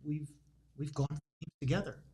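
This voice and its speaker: A sad older widower sits beside an empty seat and answers in a subdued, matter-of-fact way, voiced by a man telling a joke. He sounds plain and deadpan. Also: fairly high pitch, a little fast, close to an everyday voice. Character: sad older widower at soccer final, quiet.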